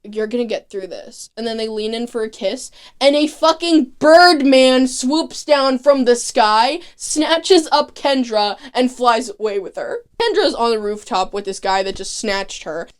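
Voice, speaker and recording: Woman, slightly high voice, comedic recap, sarcastic, profane, animated. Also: a little slow, hardly any pauses, clean tone. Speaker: TV recap vlogger.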